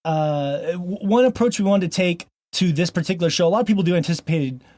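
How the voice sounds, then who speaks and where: Man, podcast host, casual joking banter, from Montana, higher voice, dry recording. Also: fast talker, darkish tone, no room sound. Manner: jokey, laughs often, fillers like um.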